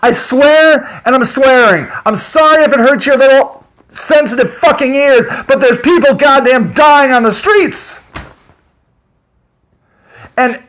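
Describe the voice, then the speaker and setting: A man's voice: very high voice, measured pace, a bit bright. A man delivering an angry, profane, unscripted rant to his audience, breaking into laughter between points. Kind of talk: unscripted ranting monologue.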